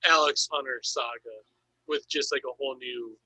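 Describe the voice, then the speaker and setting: Husky, bright man rambling his opinions. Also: medium pitch, steady tone, moderate pace, rough recording. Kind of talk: casual chat.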